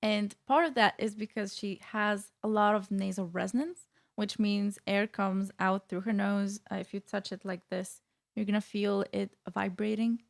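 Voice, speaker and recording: Gravelly-voiced woman vocal coach. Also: medium pitch, steady tone, normal speed. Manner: explanatory, with many fillers and restarts. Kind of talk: reaction video commentary.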